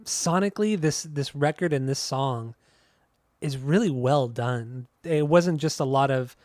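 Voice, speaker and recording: A man co-hosting a music podcast in casual chat, relaxed and enthusiastic as he talks through the music. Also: mid-range voice, unhurried, no room sound, clean studio sound. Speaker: podcast co-host.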